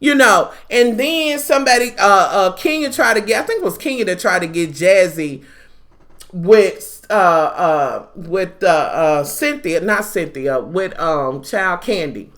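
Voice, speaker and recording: A woman's voice: lowish voice, animated, measured pace. A woman giving a blunt, profane, sassy recap of a reality TV episode. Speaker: TV recap vlogger. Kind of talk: casual reality-TV review.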